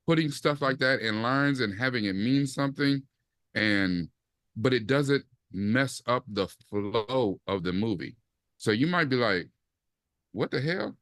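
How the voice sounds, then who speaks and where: A man in casual podcast chat, reviewing a series with animated energy. His voice sits in the middle range and sounds dry and close, with no room around it. He jumps up into bursts when he mimics what characters say. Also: mid-range voice, no echo. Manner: animated, acts out quoted lines in bursts. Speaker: podcast co-host.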